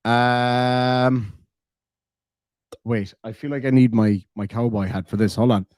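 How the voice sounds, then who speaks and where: An Irish man chatting casually on a live stream, reading out viewer messages in a rambling, excitable way that is full of swearing and restarts. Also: medium pitch, slow pace, no echo, clean studio sound. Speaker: livestreamer reading viewer donations.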